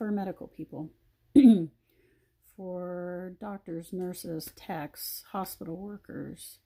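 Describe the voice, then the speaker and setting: A woman giving a heartfelt, emotional message of encouragement, sighing and clearing her throat often and repeating phrases for emphasis. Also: lowish voice, dark tone. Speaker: video host.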